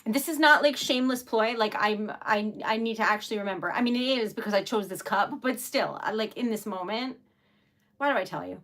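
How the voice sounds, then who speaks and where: A young woman with a medium-pitched, fairly bright voice talks a little fast while hosting her own livestream making wax seal crafts. Bubbly and chatty, she giggles often and calls herself a really emotional lady.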